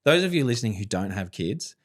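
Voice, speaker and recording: A man, co-hosting a podcast and telling stories in a relaxed, sweary way. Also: fairly low pitch, fast. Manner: laid-back storyteller, swears freely. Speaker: podcast co-host. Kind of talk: casual banter.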